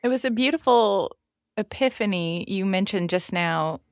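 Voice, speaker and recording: A woman hosting an interview, thoughtful, reading passages aloud and asking gentle questions. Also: mid-range voice, moderate pace, dry recording, studio quality. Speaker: podcast host. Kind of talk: interview conversation.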